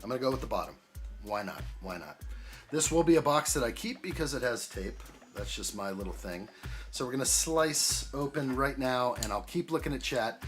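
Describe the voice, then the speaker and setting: A man's voice: mid-range voice, lively intonation, brisk, soft background music. A man hosting a casual live stream, greeting viewers by name in an upbeat way while unboxing and building.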